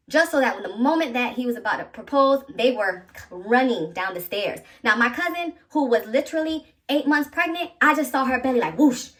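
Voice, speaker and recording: A woman in her thirties telling a personal story to her viewers in an animated, chatty way, talking straight to them. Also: on the high side, far from the mic. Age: 30s. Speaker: vlogger.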